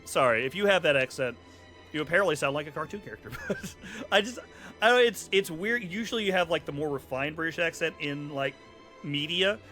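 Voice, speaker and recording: Animated, joking man streaming a game. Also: fairly high pitch, brisk. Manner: chatty, joking, does silly put-on accents. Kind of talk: casual gameplay commentary. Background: game music.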